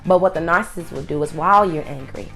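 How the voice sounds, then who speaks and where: A woman's voice: deep voice, fast talker, a bit bright, faint music behind. A woman hosting an advice monologue, speaking emphatically with lots of repetition. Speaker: host.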